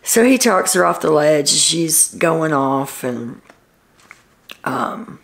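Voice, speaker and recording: A woman's voice: sits low, expressive, takes it slowly, vocal fry. A woman hosting a casual reality TV recap, telling what happened in a chatty storytelling way and quoting people with "he's like.".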